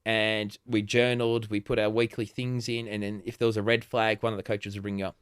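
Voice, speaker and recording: Brief: Australian guest in his forties, lowish voice, chatty and quick to laugh, dry close sound. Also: level tone, clean tone, dry recording. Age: 40s. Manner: chatty, laughs often, many restarts. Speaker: podcast guest. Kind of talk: casual conversation.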